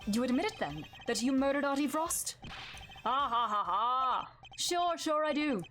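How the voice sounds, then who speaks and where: A woman's voice: high voice, lively intonation, moderate pace. A woman voicing a scheming older male dessert chef who gloats, then turns bitter and defensive. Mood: smug. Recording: game music behind the voice.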